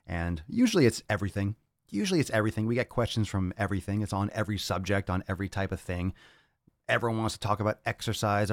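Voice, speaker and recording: A man's voice: lowish voice, no room sound, studio quality. A man hosting a casual fitness podcast, blunt and crude, joking and repeating himself as he rambles. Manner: repeats phrases, restless rambling delivery. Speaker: podcast host.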